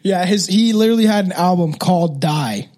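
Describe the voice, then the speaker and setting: A man's voice: high-pitched, expressive, a little fast, darkish tone. A man co-hosting a podcast, chatting casually and crudely about a true crime case, often restarting his sentences. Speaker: podcast co-host.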